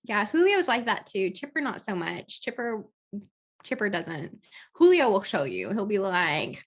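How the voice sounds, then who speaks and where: Young adult woman co-host, casual podcast chat, frequent laughter, animated quoted asides, rough home recording. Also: medium pitch, unhurried.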